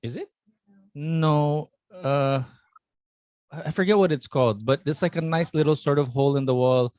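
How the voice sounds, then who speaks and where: A man's voice: on the high side, normal speed, a little mellow, dry recording, studio quality. A man co-hosting a casual podcast, chatting and teasing his co-host. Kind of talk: casual chat.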